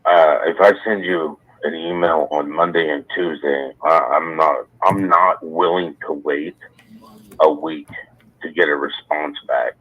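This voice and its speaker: A man on a phone played through a speaker, complaining firmly but haltingly with many fillers. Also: extremely low pitch, steady tone. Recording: thin phone line over a speaker.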